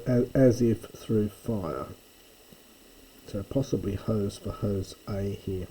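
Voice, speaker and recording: A man teaching a lesson who reads a text aloud and then translates and parses it phrase by phrase, pausing often. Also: on the low side, warm tone, a little hiss or hum, poor audio. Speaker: Greek teacher. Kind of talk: slow, methodical lesson reading and parsing text.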